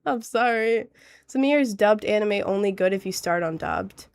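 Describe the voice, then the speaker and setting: A woman in her late teens with a cold, chatting casually on a livestream in a stuffy, slightly nasal voice, bubbly and rambling. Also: mid-range voice. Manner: bubbly, rambling, quick to laugh. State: has a cold. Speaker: streamer.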